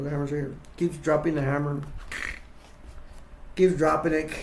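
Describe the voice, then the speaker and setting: A man's voice: on the high side, fairly even intonation, moderate pace, long pauses, echoey room, noisy background. A man casually retelling a horror film scene by scene, rambling with restarts and acting out quotes in a raised voice. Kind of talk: casual acted-out retelling with toys.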